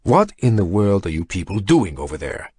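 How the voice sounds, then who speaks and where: In this audiobook reading, a man with a medium-pitched, very animated voice voices a powerful older industrialist growling furiously down a phone line. He delivers it at a moderate pace, blunt and swearing.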